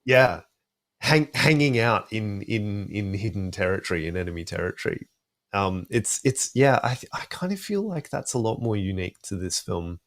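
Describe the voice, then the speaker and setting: Low gravelly Australian man. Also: very animated, normal speed. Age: young adult. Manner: thoughtful, rambling with many fillers. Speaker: guest film music writer. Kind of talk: casual podcast discussion.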